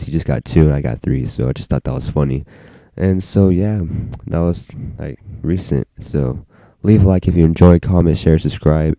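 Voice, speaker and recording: A man's voice: rumbling low, dark tone, dry recording, poor audio. A teenage boy vlogger telling a story from his own life in a casual, rambling way, full of "like" fillers. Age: teens.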